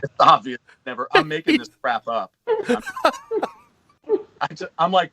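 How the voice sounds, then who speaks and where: Jokey guest guy, pitch all over the place, kinda high voice. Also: normal speed, long pauses, slight background noise. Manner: jokey, teasing, animated. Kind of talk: casual joking chat.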